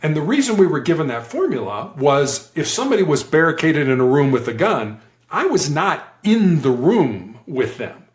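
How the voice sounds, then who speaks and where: A man's voice: a little high, normal speed, roomy sound. A man, a former hostage negotiator, telling stories in an interview and acting out the voices he quotes. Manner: animated, acts out quoted voices. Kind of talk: conversational interview storytelling.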